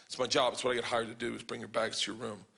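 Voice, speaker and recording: A male comedian voicing a young hotel bellhop who speaks flatly and matter-of-factly. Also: mid-range voice, rapid-fire, creaky, slightly rough, pitched below the performer's own voice, exaggerated voice.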